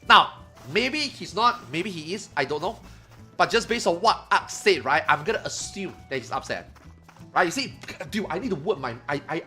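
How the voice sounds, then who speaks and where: With a high, slightly rough voice, this man recounts a story to his stream chat, swearing without restraint and acting out what his friends said in a casual, animated style.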